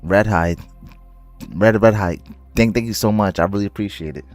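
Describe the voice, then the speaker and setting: A man on a casual livestream, reading viewer comments aloud, talking loosely, calling people bro and stumbling over words when excited. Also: fairly low pitch, moderate pace, dry recording, soft background music. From United States. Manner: stutters and restarts when excited; loose slangy talk, calls viewers bro.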